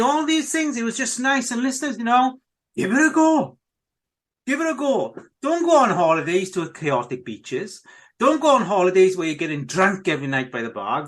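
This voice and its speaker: A man's voice: high-pitched, fairly bright tone. A middle-aged man hosting a podcast, talking casually and enthusiastically to his listeners, rambling and repeating himself. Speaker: podcast host.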